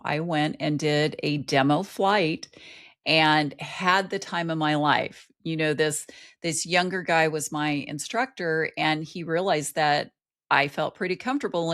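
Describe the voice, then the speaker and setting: A middle-aged woman, a life coach, talking earnestly as a guest in an interview and telling personal stories. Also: deep voice. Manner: earnest storytelling. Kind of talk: conversational interview.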